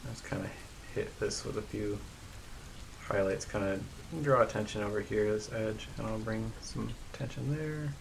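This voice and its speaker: A man hosting a live painting stream, chatting casually and rambling with many fillers, in a fairly even tone. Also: fairly low pitch, normal speed, creaky, noisy background. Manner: says his voice rarely goes up or down.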